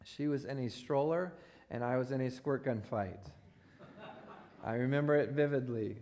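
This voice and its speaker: Guy in his 40s preaching in a church, jokey storytelling, laughs at his own lines, mid-pitch voice. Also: moderate pace, a little mellow. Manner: storytelling with self-deprecating humor, laughing at own jokes. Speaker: pastor. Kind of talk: sermon. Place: church sanctuary.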